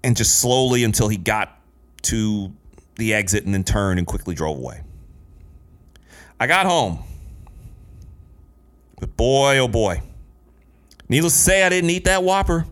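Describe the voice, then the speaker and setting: A man's voice: mid-range voice, animated, unhurried, long pauses, fairly bright tone. A man in his late thirties telling a personal story in an earnest, emphatic way, building his points through repetition. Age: late 30s.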